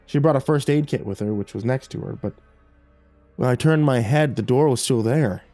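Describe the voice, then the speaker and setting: A man narrating a first-person horror story in a measured, tense way. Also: medium pitch, mellow, no echo, faint music behind.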